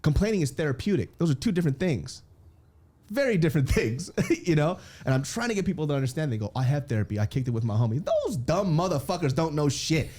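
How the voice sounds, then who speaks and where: Animated, laughing man telling stories. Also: fairly high pitch, quick pace. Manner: animated storyteller, swears freely, laughs often, acts out quotes. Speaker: guest comedian. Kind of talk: candid podcast interview.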